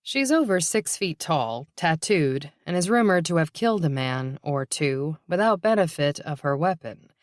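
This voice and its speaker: Low-voiced woman narrating a novel. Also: expressive, moderate pace, hardly any pauses, dry recording, clean studio sound. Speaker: audiobook narrator. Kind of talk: scripted narration.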